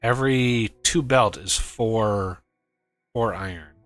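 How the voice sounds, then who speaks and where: Speaking slowly in a fairly low, fairly bright voice, a man streams a game and grumbles to himself while working out his factory layout. The recording is dry with soft music behind this casual, exasperated gameplay commentary from a gaming streamer.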